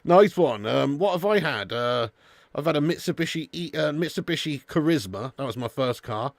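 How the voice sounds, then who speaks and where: A man's voice: a little high, animated, moderate pace, no echo. A man hosting a live football watch-along, chatting casually with viewers and calling them mate and lad. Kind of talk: casual live-stream chat.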